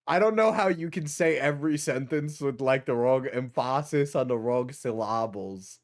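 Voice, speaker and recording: A streamer giving casual, profane reaction commentary on an award show clip, incredulous and quick to laugh. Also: mid-range voice.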